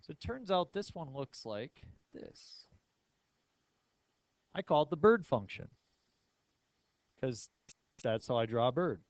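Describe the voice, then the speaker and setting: A man's voice: medium pitch, dry recording. A male math teacher lecturing a class in a playful way, asking his students many questions.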